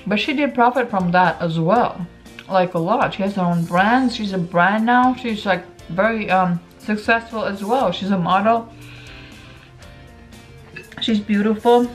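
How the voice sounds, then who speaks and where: A woman's voice: medium pitch, measured pace, faint music behind, rough recording. A woman talking casually to her viewers in an opinion vlog, chatty and emphatic, repeating her points and eating as she speaks. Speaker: lifestyle vlogger.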